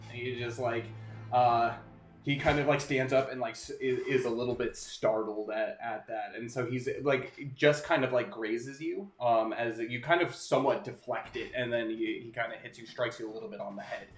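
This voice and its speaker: A man's voice: medium pitch, steady tone, moderate pace. Roomy-sounding man running a tabletop game. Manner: loose and rambling, full of "uh" and "like". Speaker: game master. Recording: roomy echo, faint music behind.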